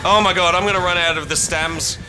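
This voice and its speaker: A man streaming a horror game live, swearing a lot and yelling in panic between muttered asides. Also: sits high, steady tone, fairly quick, background noise. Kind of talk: live horror gameplay commentary. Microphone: streaming mic.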